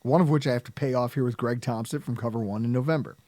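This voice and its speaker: A man hosting a casual sports podcast, ranting in an animated, sarcastic, heckling way. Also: mid-range voice, fast, no echo. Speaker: podcast host.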